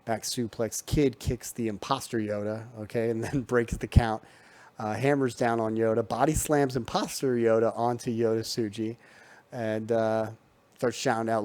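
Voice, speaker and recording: A man's voice: medium pitch, steady tone, moderate pace, darkish tone. Casual man recapping wrestling matches. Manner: loose, filler-heavy recap with frequent ums and restarts. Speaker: wrestling show reviewer.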